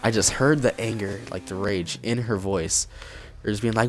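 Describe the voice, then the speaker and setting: A man's voice: fairly low pitch, moderate pace, slight background noise. A young man vlogger casually telling a story while gaming, rambling with lots of "like" and acting out the quotes.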